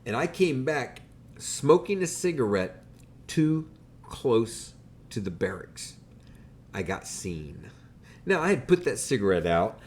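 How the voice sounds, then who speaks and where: A man hosting a podcast, telling a wry, animated story in a casual way. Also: on the low side. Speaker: podcast host.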